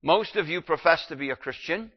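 Pastor preaching an earnest sermon, lo-fi. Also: male voice, a little high, lively intonation, a little fast. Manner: earnest, addresses the congregation directly with questions.

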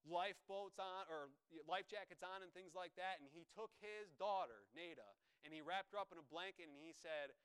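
A man's voice: sits high, moderate pace, few pauses, a bit bright, clear, resonant tone, low-quality recording. A man preaching a sermon, telling a story with emphasis and repeating phrases for weight.

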